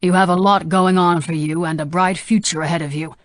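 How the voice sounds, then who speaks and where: A composed middle-aged senator , as a woman narrator puts him on, speaks with a Southern drawl in an audiobook. His tone is steady and persuasive, with the measured calm of a practiced negotiator. The voice sits low and the recording is dry and close. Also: no echo, close to an everyday voice.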